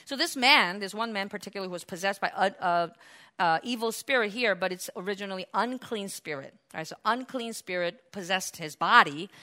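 A woman preaching a sermon, animated, acting out the voices of the people in her story. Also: mid-range voice, brisk. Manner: animated, acts out voices of biblical figures.

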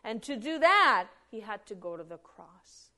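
Woman preacher, sermon, fairly high voice, rhetorical questions, hushed-to-loud swings. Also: sing-song, measured pace. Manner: asks rhetorical questions and answers them.

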